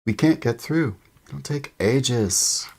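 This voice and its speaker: A man voicing an anxious, loyal teenage boy wizard in a storybook reading, talking loud and urgent. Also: medium pitch, animated, slow, gravelly, pitched above the performer's own voice, exaggerated voice.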